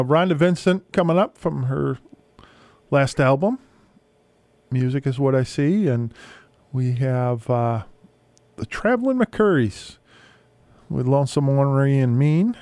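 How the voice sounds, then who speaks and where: A man hosting a radio show, casually introducing songs with frequent hesitant pauses. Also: mid-range voice, animated, a little mellow, dry recording. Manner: hesitant, many filler pauses. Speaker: radio host.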